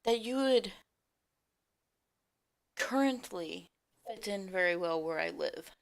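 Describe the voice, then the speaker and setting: A woman's voice: medium pitch, expressive, slow pace, creaky. A woman voicing Arwen, a polite, evasive adult male traveler, speaking hesitantly and courteously.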